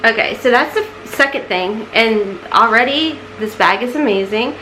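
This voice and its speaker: Distractible woman in her thirties, casual beauty-vlog chatter, a touch high-pitched. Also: normal speed, bright, forceful tone, a little hiss or hum, low-quality recording. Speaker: beauty vlogger. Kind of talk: casual unboxing chat.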